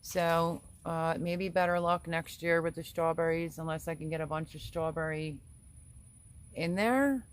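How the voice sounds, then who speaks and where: Middle-aged woman, homestead livestream host, chatty and rambling, quick to laugh. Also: deep voice, steady tone, clean tone. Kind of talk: live stream chat, reading viewer comments.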